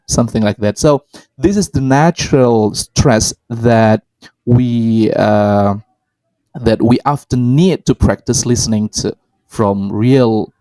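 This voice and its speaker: Hesitant man, dark dry voice. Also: medium pitch, takes it slowly, no echo, low-quality recording. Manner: hesitant, many ums and restarts, models example phrases. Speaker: podcast co-host. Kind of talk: casual educational chat.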